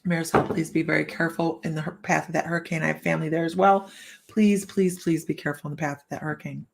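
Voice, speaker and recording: A woman's voice: low-pitched, little pitch movement, fast talker, vocal fry, slight background noise. A woman psychic hosting a live stream from her room at home, chatting casually, telling stories, acting out what people said and laughing often. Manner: chatty storyteller who acts out quotes and laughs often. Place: room at home with the window open.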